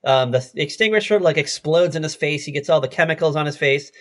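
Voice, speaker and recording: Male podcast co-host, slightly higher-pitched voice, loose and profane, frequent laughs. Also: fairly quick, a bit bright. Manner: loose, swearing, laughing often. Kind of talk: casual recap chat.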